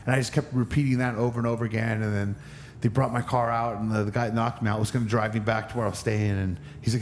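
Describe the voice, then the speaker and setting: Talking at a quick pace in a steady, lowish voice, this man is a podcast guest delivering an animated story, loudly acting out what others said. There's slight background noise.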